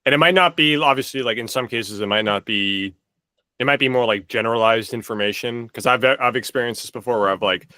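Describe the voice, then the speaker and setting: A man's voice: mid-range voice, fairly quick, pushed and bright, no echo. A young man in casual podcast chat, rambling with lots of filler words and restarts. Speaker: podcast co-host.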